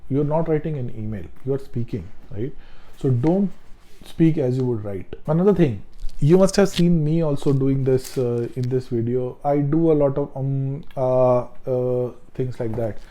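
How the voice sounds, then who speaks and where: A man's voice: mid-range voice, normal speed, warm tone, poor audio. A man giving casual, conversational test-preparation advice, repeating himself and using many filler words. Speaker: test-prep tutor. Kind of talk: casual instructional talk.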